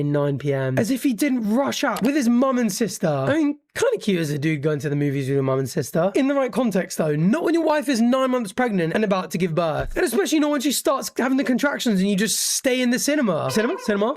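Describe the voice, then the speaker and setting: A male commentator narrating over clips in a clearly high voice. He delivers wry, sarcastic quips in a commentary style. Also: darkish tone. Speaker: video commentator. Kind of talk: scripted reaction commentary.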